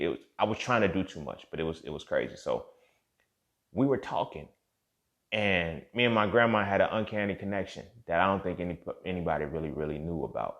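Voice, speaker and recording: A man's voice: deep voice, animated, brisk, fairly bright tone, muffled recording. A man hosting a show and telling a personal story in a casual, profane way, often speaking straight to the listener. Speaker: host.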